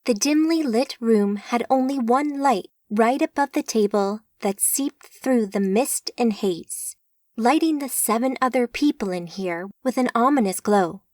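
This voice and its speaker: Woman reading an audiobook, slow and steady, really dry close sound. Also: fairly high pitch, dry recording. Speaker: audiobook narrator. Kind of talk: scripted narration.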